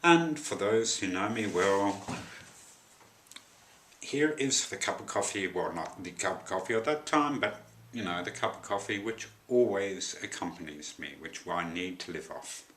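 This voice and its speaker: Speaking to camera, a man with a low voice tells a personal story at a measured pace, drifting into dry, wry asides. Despite the depth his tone is bright and forceful, his intonation is lively, and the sound rings around an echoey room.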